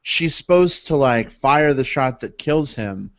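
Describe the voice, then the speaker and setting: A man's voice: mid-range voice, lively intonation, a bit bright, dry recording. A man co-hosting a podcast, chiming in eagerly during casual chat about a film. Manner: eager, quick to chime in. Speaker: podcast co-host. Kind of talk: casual movie review chat. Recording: dry, dull lo-fi podcast audio.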